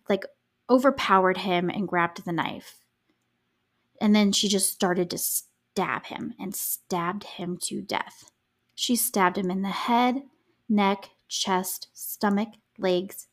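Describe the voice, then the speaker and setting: A young adult woman hosting a true crime podcast, telling the case in a casual, sarcastic way, full of "like" and swearing freely. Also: mid-range voice. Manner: chatty, sarcastic, frequent "like" filler, swears freely. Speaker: podcast host.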